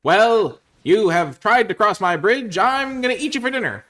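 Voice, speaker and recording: A man voicing a mean old troll from a storybook, speaking in slow, loud threats. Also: high-pitched, animated, pitched above the performer's own voice. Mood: menacing.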